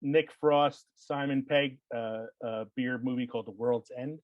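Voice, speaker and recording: A man hosting a podcast in a loose, chatty way, trailing off into "uh" and "like" and laughing as he goes. His voice sits at an ordinary pitch. It is recorded close and dry, with no room sound. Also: fairly even intonation, a little slow, no room sound, muffled recording. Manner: rambling, laughs often, filler-heavy. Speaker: podcast host. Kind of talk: casual chat.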